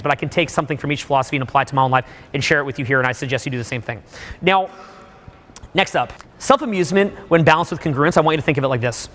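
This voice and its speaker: Guy with a high voice giving a seminar, echo trailing off in a big hall, gets animated and acts stuff out. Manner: animated, acts out examples with sudden loud outbursts. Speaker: dating coach. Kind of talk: seminar lecture to a live audience. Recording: long hall reverb.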